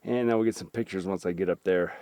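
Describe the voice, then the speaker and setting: A man narrating his mountain hike to a handheld camera outdoors, talking in a halting way with frequent fillers. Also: sits low, steady tone, dark tone, dry recording. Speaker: hiker filming his climb. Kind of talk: casual hiking vlog narration.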